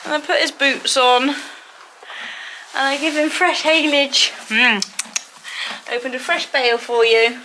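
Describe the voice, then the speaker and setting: Lady in a stable talking softly to her horse, teary, light hiss behind. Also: high-pitched, fairly even intonation, unhurried, low-quality recording. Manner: chatty, affectionate, talks fondly to her horse. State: emotional, near tears. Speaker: vlogger. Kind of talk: casual vlog chat. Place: outdoors and in a stable at a horse event.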